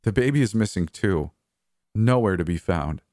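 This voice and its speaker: A man voicing a shaken older brother who speaks haltingly and sternly over the phone. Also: fairly low pitch, animated, darkish tone, dry recording, clean studio sound, lightly acted.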